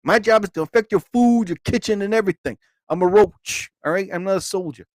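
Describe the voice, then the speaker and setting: A man's voice: sits high, fairly quick, no room sound, studio quality, close to an everyday voice. A man voicing a complaining talking cockroach that refuses to be a soldier, in a comedic bit. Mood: indignant. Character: indignant talking cockroach refusing war duty.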